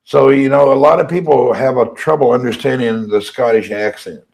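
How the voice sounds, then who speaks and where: A man's voice: medium pitch, moderate pace, vocal fry, a little mellow, rough recording. A man hosting a casual live-stream chat, making wry jokes and reading out viewer comments. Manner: wry, jokey asides, reads viewer comments. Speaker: host. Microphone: phone or webcam on a live stream.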